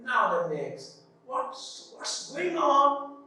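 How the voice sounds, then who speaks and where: Male teacher, Pakistani English accent, slow patient classroom drill, voice set far back from the mic. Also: very high-pitched, very animated, pushed and bright. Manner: slow, patient, asks questions then answers them himself. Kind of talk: classroom English lesson for children. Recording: very echoey room, voice from off-mic.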